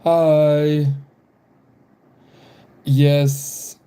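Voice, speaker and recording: A young man live-streaming while doodling, talking casually in halting bits, sighing and apologizing because he has the hiccups. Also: mid-range voice, mellow. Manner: halting, apologetic, frequent sighs and small laughs.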